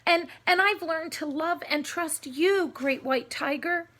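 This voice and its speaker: A woman's voice: extremely high pitch, a little slow, bright, forceful tone, pitched above the performer's own voice, exaggerated voice. A woman voicing Big Billy, a timid but earnest young male animal in a children's storybook, speaking eagerly. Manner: earnest, eager, easily frightened.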